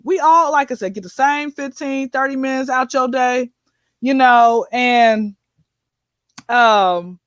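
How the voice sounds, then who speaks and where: A woman comedian in a casual interview, talking in an animated, preachy way with sassy asides. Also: high voice, dry recording. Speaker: comedian guest.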